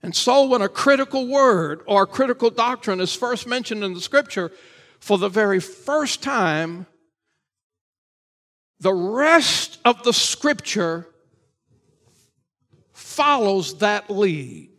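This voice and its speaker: A man, a pastor, preaching a Sunday morning sermon in church, emphatic and repetitive, rising to shouts and then dropping low. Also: expressive, slow pace, pauses often. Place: church service.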